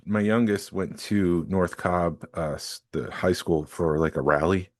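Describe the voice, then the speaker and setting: Deep-voiced man in relaxed chat. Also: measured pace, dry recording, clean studio sound. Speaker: podcast co-host. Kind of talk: casual chat.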